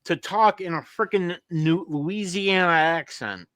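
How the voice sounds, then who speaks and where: A man's voice: high-pitched, a little slow, fairly bright tone, no echo. A man with a New York accent, a guest on a podcast, sharing blunt, profane opinions. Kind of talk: casual podcast chat.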